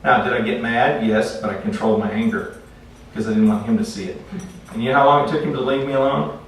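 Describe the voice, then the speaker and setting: A man teaching a class in a relaxed, conversational way, telling stories and often restarting his sentences. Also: mid-range voice, quick pace. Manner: conversational, repeats words when restarting. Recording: echoey room, far from mic, faint noise.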